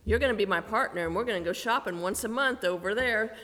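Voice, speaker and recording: A woman's voice: medium pitch, fast talker, fairly bright tone. A woman, a missionary, speaking in a chatty and practical way to a church congregation. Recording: long hall reverb.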